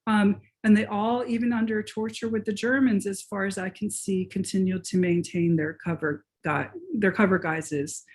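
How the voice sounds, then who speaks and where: A woman author and professor answering questions in a virtual lecture, talking eagerly and restarting her sentences as she thinks aloud. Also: medium pitch. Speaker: author and professor being interviewed. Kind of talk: conversational lecture Q&A. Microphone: video call.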